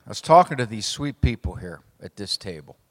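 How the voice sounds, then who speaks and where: A middle-aged man, a psychologist, giving a humorous speech to a live audience with wry, punchy, deadpan jokes. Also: on the low side, a little fast. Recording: long hall reverb.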